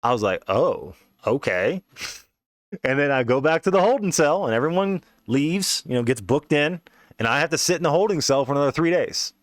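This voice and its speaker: A man's voice: a little high, lively intonation, fast, no echo, clean studio sound. A man telling a story in a casual, rambling, profane way, often saying "you know what I mean". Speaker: podcast host.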